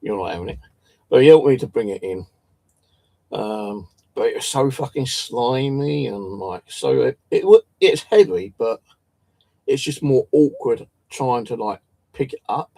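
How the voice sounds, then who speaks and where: Gravelly man rambling casually. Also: mid-range voice, animated, measured pace, dark tone, no room sound. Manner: swears a lot, restarts and stumbles. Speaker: channel host.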